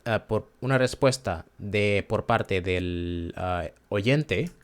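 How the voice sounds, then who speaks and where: A man's voice: lowish voice, takes it slowly, clear, resonant tone. A man whose first language is Spanish teaches a casual lesson, hesitating and repeating words to model pronunciation.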